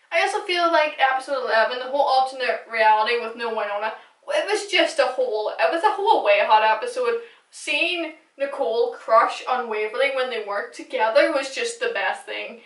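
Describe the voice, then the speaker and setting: A young woman vlogger chats through a casual fan recap at a moderate pace, gushing enthusiastically and tossing in the occasional swear word. Her bright voice sits slightly high, and the distant mic catches plenty of echo from the room.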